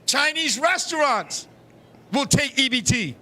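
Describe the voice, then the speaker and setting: A middle-aged man hosting a live talk show, telling stories in a loud, profane, animated way. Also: very high voice, measured pace. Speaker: show host. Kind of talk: live casual chat.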